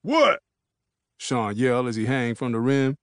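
A man's voice: medium pitch, steady tone, moderate pace, darkish tone, clear, resonant tone, dry recording, studio quality. A man narrating an audiobook in the first person, in a laid-back, casual street vernacular.

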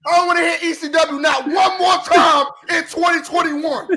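A man co-hosting a wrestling talk show, ranting and shouting in exasperation. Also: very high voice, steady tone, moderate pace, vocal fry, background noise. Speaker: podcast co-host.

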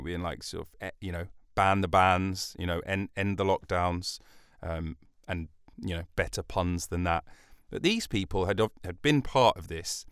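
A man's voice: low voice, fairly bright tone, clear, resonant tone, no echo. A man hosting a solo podcast from a studio, rambling through jokey, self-interrupting asides. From United Kingdom. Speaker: podcast host. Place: recording studio.

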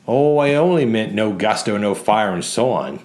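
A man's voice: on the low side, lively intonation, moderate pace, darkish tone, close to an everyday voice. A man reading the part of a tactless gang member who talks in a fussy, ingratiating way. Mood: apologetic.

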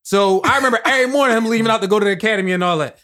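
A man's voice: high voice, rapid-fire, sharp tone. A young man telling stories in a casual, slangy group chat, acting out quoted voices.

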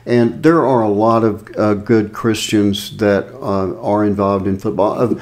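A man co-hosting a show in casual chat, with steady, affirming remarks. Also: fairly low pitch, measured pace. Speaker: co-host.

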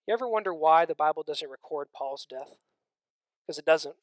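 A man preaching a sermon, swinging between loud emphatic stretches and hushed near-whispers, with conversational asides to the congregation. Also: a little high, expressive, normal speed, no echo.

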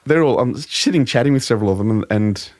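A man and comedy musician, telling animated stories in a casual chat and laughing often. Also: medium pitch, fast talker, no room sound, clean studio sound. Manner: animated, laughing, slips into impressions.

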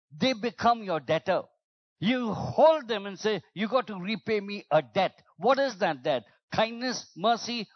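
A man preaching a sermon as pastor, acting out the complaints he quotes in a lower voice. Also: dry recording, highs cut off.

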